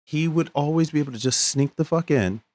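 A man co-hosting a podcast, telling casual stories, animated and profane, often laughing. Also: fairly high pitch, brisk. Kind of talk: casual storytelling chat.

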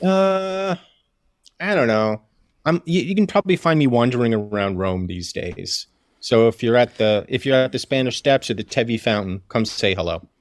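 A man playing along as a comedian guest on a puzzle show, wry and deadpan as he works out the answers aloud. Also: medium pitch, moderate pace, dry recording. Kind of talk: casual game banter.

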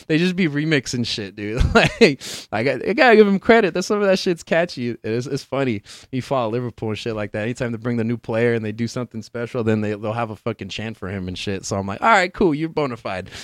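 Chill guy rambling on his stream, mid-pitched voice, laughs a lot, swears, dry close sound. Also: no room sound. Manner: rambling, laughs often, swears casually, slangy. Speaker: podcast host streaming live. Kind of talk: casual live-stream chat.

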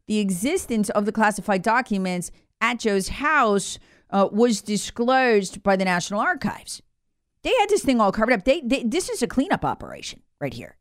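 A woman's voice: fairly high pitch, no echo, studio quality. A woman hosting a political talk show, giving sarcastic, mocking commentary and drilling points home with "remember". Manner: slips into mock voices to ridicule officials.

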